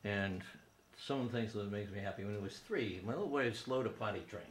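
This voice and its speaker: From his living room, with a small audience present, a man in his 50s runs a comedy talk show, poking fun at himself in a loose monologue and cracking up at his own lines. His low voice moves quickly, with reverb and a little background noise.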